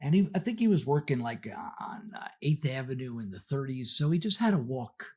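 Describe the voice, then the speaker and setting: A man hosting a podcast, telling a story in a casual, animated way and acting out the characters. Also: mid-range voice, brisk, husky. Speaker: podcast host.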